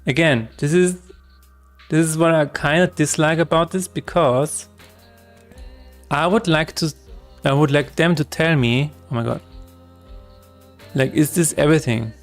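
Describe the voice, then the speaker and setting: A man's voice: on the high side, a little slow, pauses often, faint music behind. A man streaming his game development work, talking through each step aloud in a chatty, self-correcting way. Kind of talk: live-streamed coding chat.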